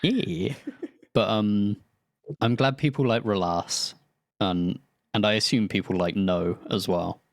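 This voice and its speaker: Speaking slowly with a lowish voice and vocal fry, a man who runs a tabletop game unwinds in loose post-session talk. He swears, laughs partway through sentences and rambles, captured in a dry, studio-quality recording.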